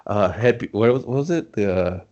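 A man's voice: on the low side, lively intonation, moderate pace, a little mellow, dull audio. A man co-hosting a casual movie recap, swearing, joking and growling out villain impressions. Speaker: podcast co-host.

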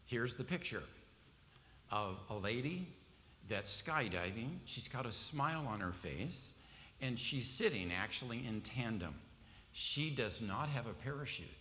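A man's voice: mid-range voice, pushed and bright, long reverb tail, a little hiss or hum. A man preaching a sermon, earnest and emphatic, reading scripture aloud.

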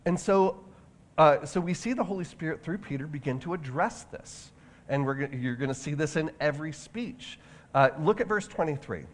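A man delivers a sermon as if he were chatting with the room, often stopping and restarting his sentences. His voice sits a little higher than most men's. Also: lively intonation, normal speed, slight background noise. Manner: conversational, with many restarts and asides. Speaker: pastor.

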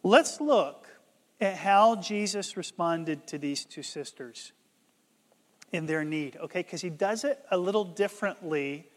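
A man's voice: high-pitched, measured pace. Man, pastor, sermon, emphatic, stumbles over words, long hall echo. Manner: emphatic, surging loud on key words.

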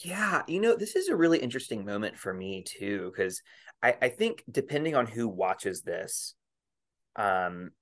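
Animated man hosting a podcast. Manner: animated, laughs often, quick pitch jumps when excited. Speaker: podcast host. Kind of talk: casual podcast chat.

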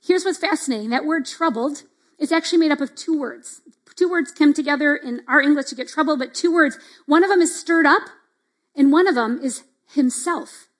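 A middle-aged woman with a high voice leads a devotional teaching talk. She speaks casually, leaning on asides like "like" and "right?". She acts out the little reactions she describes. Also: moderate pace. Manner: conversational, fillers like "like" and "right?". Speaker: church speaker.

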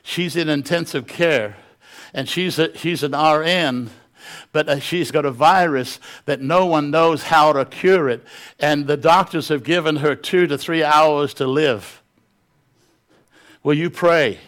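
A man's voice: on the high side, measured pace, a bit bright. A tearful pastor pleads for prayer over the phone, as a male preacher voices him while retelling a story. His voice is earnest and pleading.

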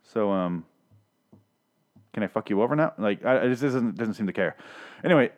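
A man's voice: fairly low pitch, animated, moderate pace, a little mellow. A man casually recapping and ranting about a TV show, profane and sarcastic, rambling with frequent restarts. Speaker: TV show reviewer. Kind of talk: casual solo recap rant.

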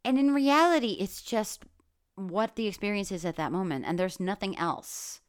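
A woman's voice: medium pitch, animated, moderate pace, clear, resonant tone. Candid, profane woman podcaster. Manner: candid and profane, with lots of "like" and restarts. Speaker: podcast host. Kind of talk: casual solo podcast monologue.

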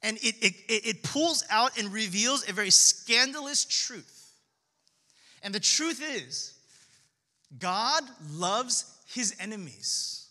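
Bright, high-voiced preaching man. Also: slow, long reverb tail. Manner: animated, conversational preaching with quoted voices. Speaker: pastor. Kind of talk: sermon.

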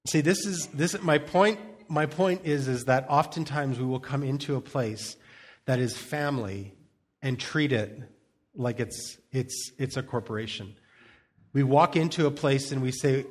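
A man's voice: mid-range voice, measured pace. A middle-aged man preaching a casual sermon, telling humorous stories and often restarting his sentences. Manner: chatty, humorous storytelling with frequent restarts and repeated words. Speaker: pastor. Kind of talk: conversational sermon.

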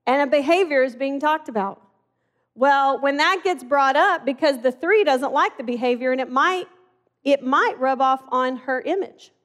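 A middle-aged woman with a high voice preaches a sermon. She talks to the congregation like she is telling a story, and at times she acts out both sides of a conversation. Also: normal speed. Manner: conversational, animated storytelling with acted-out dialogue.

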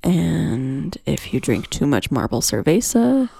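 A woman co-hosting a casual podcast, upbeat and quick as she chats. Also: sits low, very animated, gravelly, warm tone, slightly rough, no room sound. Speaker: podcast co-host.

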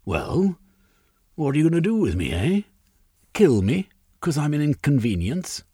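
A man doing an exasperated rebel, his voice lifted above the narrator's and swinging between indignation and wry resignation. Husky and close, with a dry sound. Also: on the high side, sing-song, a little slow, mellow, dry recording, voice pushed up, full character voice. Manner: urgent, indignant pleading.

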